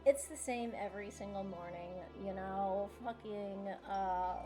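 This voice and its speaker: A woman's voice: medium pitch, a little slow, over music. A woman running a tabletop game as game master, narrating casually with swearing and giggles.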